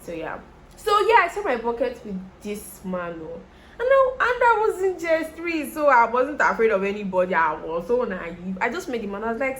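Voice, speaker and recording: A young Nigerian vlogger, her accent Nigerian and her voice on the high side, chats at a normal speed while doing her make-up. She tells a story and speaks straight to her viewers, animated and talkative.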